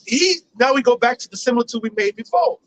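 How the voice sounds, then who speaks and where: A man teaching a Bible study in a slangy, profane, animated street style. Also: very high-pitched, quick pace, no room sound, poor audio. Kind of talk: informal scripture commentary.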